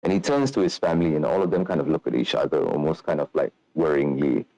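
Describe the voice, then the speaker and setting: A man narrates a tabletop game as game master, rambling loosely through the scene. His voice is very low. It is dry and close to the mic. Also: fast, gravelly, a little mellow, dry recording, lo-fi sound.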